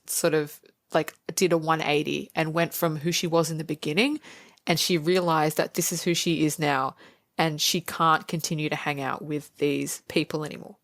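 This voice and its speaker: A woman talks through a film on a podcast, animated and quick to act out lines from scenes. Her voice sits a little low, and the sound is dry and close. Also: dry recording. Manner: animated, acts out quoted lines. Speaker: podcast co-host. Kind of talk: casual movie review chat.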